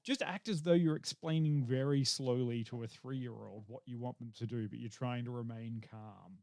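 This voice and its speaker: A man's voice: mid-range voice, normal speed, gravelly, warm tone, no room sound. A man hosting a casual podcast chat, joking and laughing often, rambling with fillers. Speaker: podcast host.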